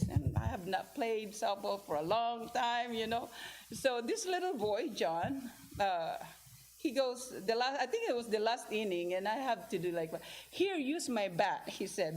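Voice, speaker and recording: A woman speaks informally to a church gathering, her story wandering and restarting as she acts out what others said with lively asides. Her voice sits at an ordinary middle pitch. A faint hiss of background noise lies under the recording. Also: poor audio. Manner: rambling, with restarts and animated quoted asides. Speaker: church member sharing a mission trip story. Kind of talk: informal testimony to a congregation. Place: church hall.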